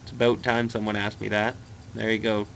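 A man's voice: on the low side, little pitch movement, brisk, creaky, a little hiss or hum, low-quality recording. A young Canadian man with a Canadian accent, chatting to viewers while he plays a racing game live. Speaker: let's play streamer.

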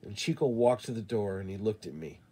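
A man reading a western novel aloud in the first person, measured and deliberate. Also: on the low side, animated, warm tone. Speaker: audiobook reader. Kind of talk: first-person audiobook narration.

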